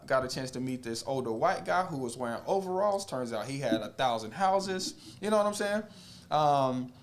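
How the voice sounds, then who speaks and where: A man and real estate investor telling a personal story in a casual, slangy, animated way. He often repeats phrases and checks in with his listeners. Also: on the high side. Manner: animated, slangy, acts out quoted dialogue.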